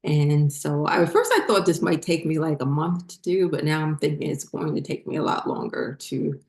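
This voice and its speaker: A middle-aged woman hosting her own channel, telling her spiritual story in a halting, emotional way that chokes up at times. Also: sits low, very animated, darkish tone. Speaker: channel host. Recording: roomy echo.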